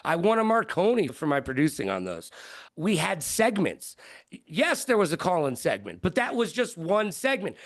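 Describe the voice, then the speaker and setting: A middle-aged man, a broadcaster, telling stories in an interview with lively quoted voices. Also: normal speed. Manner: lively, jumps into high-pitched quoted voices. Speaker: guest broadcaster. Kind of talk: animated storytelling in an interview.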